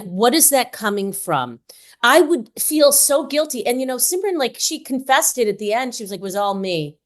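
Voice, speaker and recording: A woman co-hosting a podcast, chatty and animated, leaning on "like" as she reacts. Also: medium pitch. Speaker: podcast co-host. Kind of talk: casual podcast discussion.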